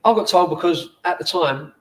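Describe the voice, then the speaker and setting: A man's voice: a little high, normal speed. A man in his forties, a former footballer, telling rambling, sweary stories in a casual interview in a bar.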